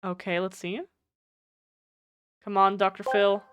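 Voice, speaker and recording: A woman's voice: mid-range voice, flat delivery, measured pace, smooth, no room sound, clean studio sound. Chatty streamer woman with a German accent. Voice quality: slightly nasal. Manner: chatty, blunt, swears freely. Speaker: game streamer. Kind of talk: casual live stream chat.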